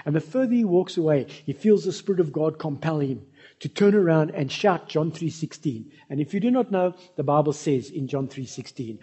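A man's voice: fairly high pitch, animated, normal speed, mellow, husky. A man preaching a sermon, telling stories and speaking directly to the congregation. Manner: storytelling, addresses the congregation directly.

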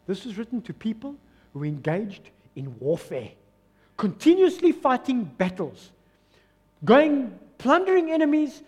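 A man with a South African accent preaching a sermon as pastor, swinging from loud exclamations to soft, low asides. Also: long reverb tail. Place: church hall.

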